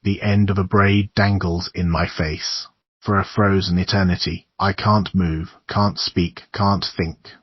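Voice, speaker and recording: Deep husky man narrating horror. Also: fairly even intonation, unhurried, dry recording, highs cut off. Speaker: audiobook narrator.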